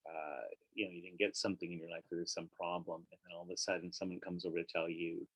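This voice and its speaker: A man with a deep, gravelly voice guides a meditation class. He talks in a relaxed, conversational way with casual fillers. The sound is close and dry. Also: fast talker, no echo, low-quality recording. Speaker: meditation teacher.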